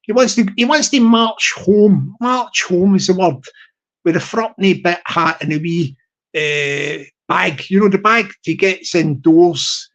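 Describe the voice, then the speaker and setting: A man's voice: sits high, measured pace, fairly bright tone, lo-fi sound. A young man hosting a live stream, telling a rambling comic story with lots of restarts and asides.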